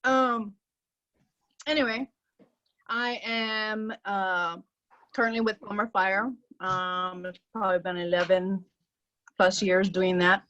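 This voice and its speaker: A woman's voice: medium pitch, fairly bright tone. A woman firefighter introducing herself in an online class in a chatty, self-mocking way. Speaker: firefighter student. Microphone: video call. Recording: dry, muffled video-call audio.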